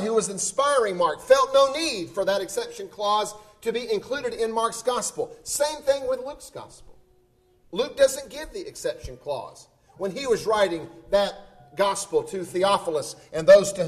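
A man with a notably high voice delivers a sermon. He talks earnestly and conversationally, putting rhetorical questions to his listeners. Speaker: preacher.

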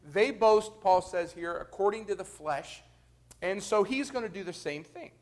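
Man, high voice, Bible study teacher, conversational, explains verse by verse, addresses the class. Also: normal speed.

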